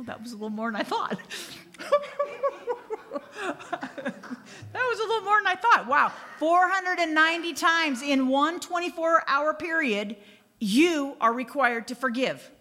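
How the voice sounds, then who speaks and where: Lively woman preaching, chatty and bright. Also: high-pitched. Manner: lively, chatty, exclaims and laughs at herself. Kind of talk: sermon with scripture reading.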